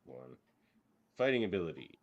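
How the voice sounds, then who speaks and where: A man's voice: low-pitched, big pitch swings, normal speed, phone-quality sound. A man co-hosting a casual podcast, reading out categories and teasing his co-host with confidence. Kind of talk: casual chat.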